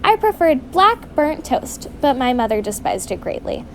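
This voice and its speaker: A woman reading her own storybook aloud in an earnest, steady way. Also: high voice, normal speed, a little hiss or hum.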